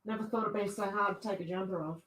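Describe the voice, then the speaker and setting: Speaking fast in a fairly bright, medium-pitched voice, this Australian livestream host reads out comments from the live chat and responds in a chatty, casual way. Her intonation stays fairly even.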